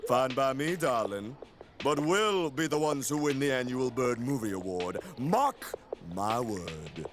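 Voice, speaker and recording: A man's voice: medium pitch, animated, unhurried, noisy background, close to an everyday voice. An actor playing a flamboyant, theatrical male penguin movie director in a video game. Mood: haughty. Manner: theatrical, drawls 'darling'. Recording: game audio with loud music behind.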